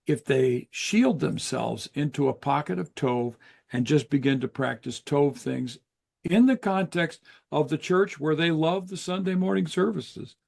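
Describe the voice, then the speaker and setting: An older man, a guest author in an interview, explaining in an earnest, measured way with pauses. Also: a little high, gravelly, darkish tone. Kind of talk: interview conversation.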